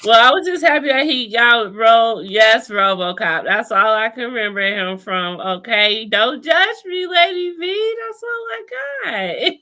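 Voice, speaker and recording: A woman's voice: on the high side, lively intonation, a little slow, hardly any pauses, sharp tone. A woman co-hosting a casual TV recap chat, laid-back and profane, laughing often. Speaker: podcast co-host.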